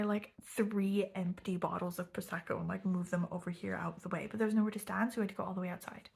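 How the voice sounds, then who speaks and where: With a medium-pitched, breathy, gravelly voice, this young vlogger keeps a steady tone and a quick pace. She chats through her storytime casually, half-whispering often and saying "like" a lot.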